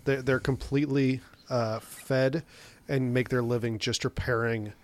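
Man animated in casual movie chat. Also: medium pitch, slight background noise. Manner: animated retelling with quick asides and restarts. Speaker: podcast co-host.

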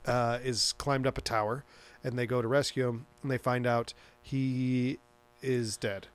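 A man in the host's chair, talking through a film's plot in an easy, rambling way. He drops swear words freely and often breaks into laughter. His voice sits at a middle pitch. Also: flat delivery, measured pace, smooth. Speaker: podcast host recapping a movie. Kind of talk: casual chat.

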